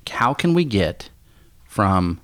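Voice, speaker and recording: A man in his thirties with a fairly low voice chats casually on a podcast. He talks in a loose, anecdotal way, wandering through stories. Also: very animated, takes it slowly. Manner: rambling, anecdotal, easygoing. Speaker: podcast co-host. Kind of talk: casual chat over beer.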